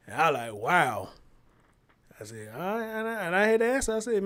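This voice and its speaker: A man hosting his own show, telling stories in a blunt, animated commentary with heavy slang. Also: high-pitched, moderate pace. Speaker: show host. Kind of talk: casual commentary monologue.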